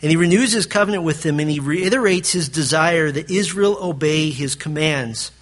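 A pastor preaching a sermon in a fairly high male voice. He drives his points hard, then pulls back to a near-hush to let them land. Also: normal speed. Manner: emphatic preaching that swings from loud to hushed.

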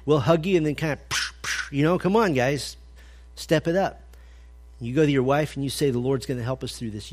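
Man, slightly high voice, casual preacher at a men's breakfast, punchy and funny, quizzes the room. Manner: energetic and humorous, acts out little scenes; asks the listeners direct questions. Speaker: men's ministry speaker. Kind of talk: conversational sermon at a men's breakfast.

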